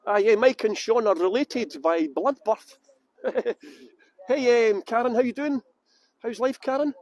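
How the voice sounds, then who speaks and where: A man's voice: very high voice, measured pace, darkish tone, dry recording. A Scottish man hosting a live virtual tour outdoors, chatting upbeat and greeting viewers by name. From Scotland. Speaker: tour guide host.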